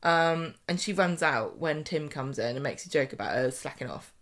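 A woman co-hosting a casual podcast chat, animated and laughing often, often trailing off mid-sentence. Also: deep voice, normal speed. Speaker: podcast co-host. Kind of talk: casual chat about a soap.

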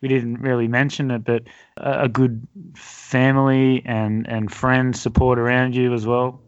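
A man's voice: medium pitch, little pitch movement, measured pace, no room sound. A man hosts an interview, asking questions loosely with small hesitations and a teasing edge. His voice is dry, with no room sound. The audio is slightly dull. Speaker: podcast host. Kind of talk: casual interview.

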